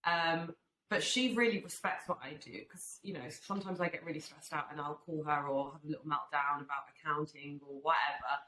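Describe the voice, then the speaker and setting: A woman's voice: sits low, steady tone, fairly quick, bright, forceful tone. A young woman in her twenties talking earnestly about her family and business in a casual podcast chat, with plenty of fillers. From Albanian family, raised in UK. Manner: earnest, reflective, many fillers. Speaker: guest, swimwear brand founder. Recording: echoey room with faint background noise.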